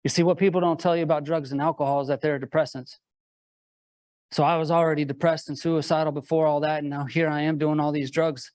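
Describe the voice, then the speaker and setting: A man speaking as a motivational speaker, his voice sitting a little high but held fairly level in pitch. He tells his story earnestly and drives it forward with rhetorical questions. The sound is dry, with little room around it. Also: level tone, quick pace, a little mellow, no room sound. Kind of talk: personal story told to a live audience.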